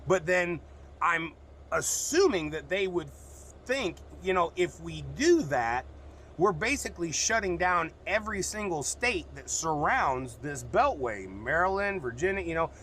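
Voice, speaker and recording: A man's voice: fairly high pitch, a bit bright, slight background noise. Frank, rambling trucker man. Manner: frank, rambling, cusses freely. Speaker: truck driver and vlogger. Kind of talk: casual vlog talk.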